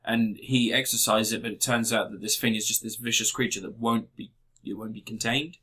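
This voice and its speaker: A man's voice: fairly low pitch, fairly even intonation, a little fast, pushed and bright, breathy edge. A man co-hosting a podcast, chatting casually in a blunt, sweary, rambling way. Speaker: podcast co-host. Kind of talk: casual review chat.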